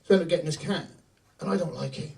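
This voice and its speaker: A middle-aged comic with a higher-pitched voice and vocal fry delivers rapid-fire, profane stories on a comedy club stage. His brash, animated set is heard from a distance.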